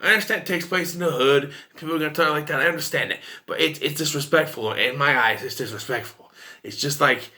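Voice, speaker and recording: A man's voice: fairly high pitch, fast talker, pushed and bright. A man giving a casual, rambling and opinionated film review to camera.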